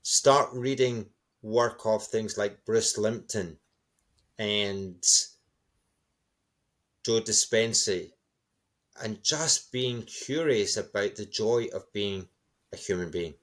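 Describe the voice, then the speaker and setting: A man's voice: on the low side, takes it slowly, pauses often, a bit bright. A middle-aged man, a guest speaker, giving enthusiastic, encouraging answers in an interview.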